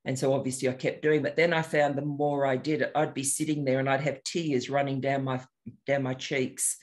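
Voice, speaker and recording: An older man, a meditation teacher, talking in a gentle, unhurried, reflective way as he introduces a guided meditation. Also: medium pitch, little pitch movement.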